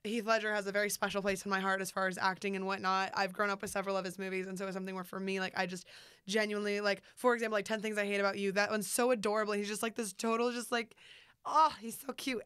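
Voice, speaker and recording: Bright, crisp-voiced woman gushing about films. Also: medium pitch, no room sound, clean studio sound. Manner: gushing, chatty. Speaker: podcast co-host. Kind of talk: casual movie discussion.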